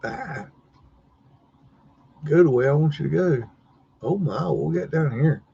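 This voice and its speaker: On a dull, lo-fi livestream with slight background noise, a male podcast co-host chats casually while browsing maps. His voice is on the high side, expressive and a little slow, with a creaky, dark quality. He sounds hesitant, using many fillers and restarts.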